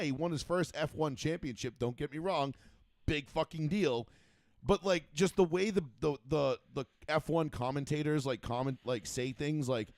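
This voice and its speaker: A man hosts a sports talk show with a slightly raised pitch, tumbling through rambling, profane banter. His voice is close and dry, with no room sound around it. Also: darkish tone, dry recording. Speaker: host.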